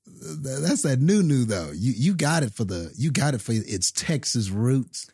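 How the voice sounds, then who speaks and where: A man's voice: mid-range voice, very animated, measured pace, a little mellow, slightly rough, dry recording, clean studio sound. A man co-hosting a podcast in casual chat, laid-back and teasing, calling his friend brother. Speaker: podcast co-host.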